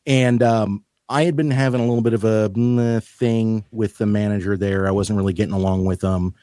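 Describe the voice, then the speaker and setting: A man's voice: fairly low pitch, fairly even intonation, moderate pace, warm tone, dry recording. Exasperated man telling work stories. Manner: swearing, exasperated storyteller. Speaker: podcast host. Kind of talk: casual storytelling chat.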